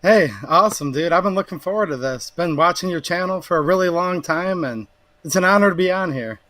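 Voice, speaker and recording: A man's voice: high voice, fairly quick, sharp tone, dry recording. A man speaking as a podcast guest in casual interview talk, earnest and plain-spoken.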